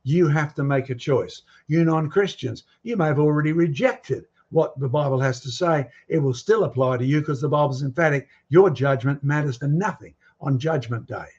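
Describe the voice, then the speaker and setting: A man lectures from the front with a husky, slightly rough voice, firing rhetorical questions and challenges at his listeners. His delivery is emphatic and insistent. The recording sounds dull and lo-fi, with the top end rolled off. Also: on the high side, moderate pace, few pauses, a little mellow. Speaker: guest speaker on creation and fossils. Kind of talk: lecture with slides and audience questions.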